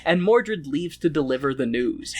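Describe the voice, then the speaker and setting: A podcast co-host who recaps a film casually, with crude jokes and asides. The voice swings lively up and down as the story is told. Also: mid-range voice, moderate pace. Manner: crude, joking, animated storytelling.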